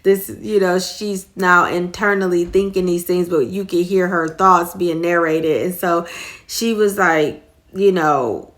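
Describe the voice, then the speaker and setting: Woman, middle-aged, low voice, rambling, earnest, casual faith talk. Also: fairly even intonation, a little slow. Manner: rambling, earnest, many fillers. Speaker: host.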